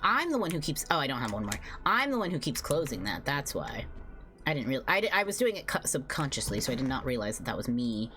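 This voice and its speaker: A woman's voice: very deep voice, very animated, quick pace, fairly bright tone, soft background music. A young woman streaming a game, chatting casually, swearing and sounding exasperated.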